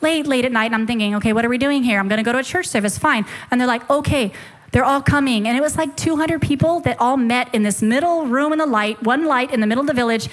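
Lively woman telling her story from the pulpit. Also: a little high. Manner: animated storytelling with quick self-quoted asides. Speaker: speaker sharing a testimony. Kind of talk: sermon testimony. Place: church service before a congregation.

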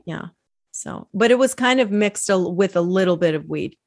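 Chatty woman with a lowish voice. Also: lively intonation, normal speed. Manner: chatty, storytelling with lots of fillers and laughs. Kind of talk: casual chat.

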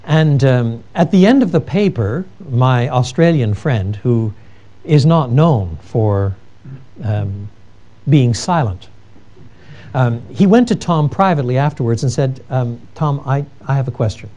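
Lively, mellow-voiced man lecturing on theology. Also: medium pitch, slow, highs cut off. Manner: earnest, emphatic, with frequent restarts. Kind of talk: lecture with told anecdotes.

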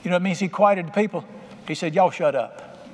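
A man preaches in a folksy, animated way, slipping in punchy asides between scripture lines. His voice sits a little high for a man. It rings out with the long echo of a large church sanctuary. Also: fairly quick, a little hiss or hum. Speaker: pastor. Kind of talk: sermon.

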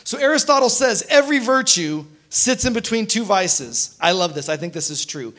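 A man's voice: sits high, lively intonation, normal speed, a bit bright. A man preaching a sermon as pastor, conversational, often checking in with the congregation. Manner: conversational, frequent tag questions.

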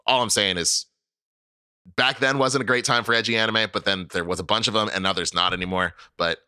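Deep-voiced male co-host, bright edge, dry close mic, joking casual banter. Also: a little fast, clear, resonant tone, dry recording. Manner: animated, jokey, swears casually. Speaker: podcast co-host. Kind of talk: casual chat.

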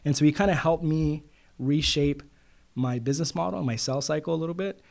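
A man's voice: fairly high pitch, brisk, gravelly, a little mellow. A middle-aged man, a loan broker, telling stories in a casual interview and quoting others with "he goes.".

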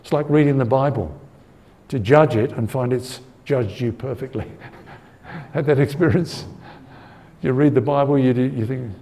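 A man's voice: mid-range voice, moderate pace, creaky, pauses often, warm tone. A man teaching a conversational Bible-study sermon. He talks earnestly, asks his listeners for agreement and repeats words as he thinks. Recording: long hall reverb.

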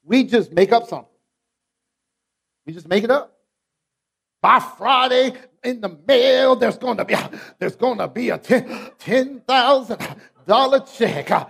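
A male pastor with a notably high voice delivers a sermon in a church. He preaches emphatically in a rhythmic style, repeating phrases and calling on the congregation to say them back. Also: creaky, breathy edge. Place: church sanctuary.

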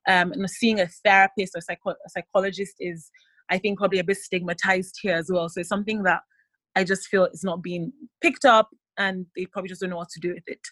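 A woman's voice: medium pitch, fairly even intonation, quick pace, a bit bright, no echo, poor audio. A woman who runs an aesthetic clinic, answering interview questions thoughtfully with frequent fillers and restarts. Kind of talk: interview answer, casual explanation. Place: clinic in an African country.

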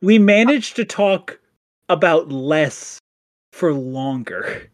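A podcast co-host in casual chat, lively and chatty with quick asides. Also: medium pitch, no echo, studio quality.

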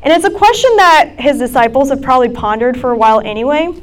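A woman's voice: sits high, quick pace, smooth. A young adult woman gives a casual, chatty sermon to students, with many fillers. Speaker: campus ministry speaker. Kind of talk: sermon talk.

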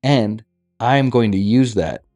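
A man's voice: medium pitch, takes it slowly, mellow, dry recording, clean studio sound, faint music behind. A man talking as a podcast guest over a phone, rambling, joking and swearing freely in casual chat. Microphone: remote call on a phone.

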